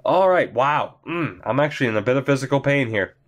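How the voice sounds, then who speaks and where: Excitable man commentating a hockey game. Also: mid-range voice, brisk. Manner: chatty and excitable, laughs often. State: getting over being sick. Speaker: gaming commentator. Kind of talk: video game let's-play commentary.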